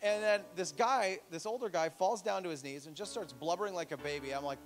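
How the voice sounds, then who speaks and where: A man who pastors a church, preaching a sermon with animated stories and emphatic appeals. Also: high-pitched, fast, hardly any pauses, faint music behind, poor audio. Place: church sanctuary.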